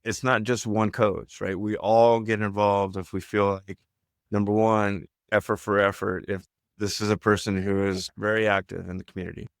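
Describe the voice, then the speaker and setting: Smooth low-voiced man co-hosting a podcast. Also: level tone, moderate pace, no room sound, clean studio sound. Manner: coaching, emphatic, tag questions. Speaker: podcast co-host. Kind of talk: casual podcast chat.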